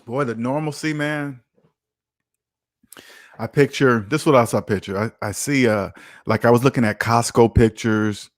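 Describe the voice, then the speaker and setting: A man's voice: mid-range voice, steady tone, normal speed, pauses often, no room sound, studio quality. A man hosting a casual finance livestream, reading viewer comments aloud and teasing them with a joking manner.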